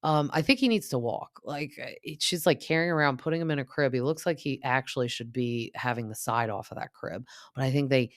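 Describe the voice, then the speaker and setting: Chatty mom podcaster, dry close mic. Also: female voice, a bass voice, fairly quick, no echo. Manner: chatty, gossipy, lots of "like" fillers. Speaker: podcast host. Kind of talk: casual reality TV recap.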